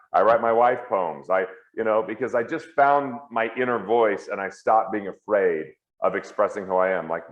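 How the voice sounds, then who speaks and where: A man as an interview guest at home, talking earnestly and candidly in quick heartfelt bursts. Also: on the low side. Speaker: guest, financial author and comedian. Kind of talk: earnest reflective conversation. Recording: roomy, slightly dull sound.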